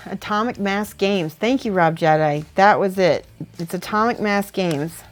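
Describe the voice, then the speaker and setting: Woman streamer chatting over soft music. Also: medium pitch, measured pace. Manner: reads viewer messages aloud and thinks aloud. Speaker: miniature painting streamer. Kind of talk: casual livestream chat while painting.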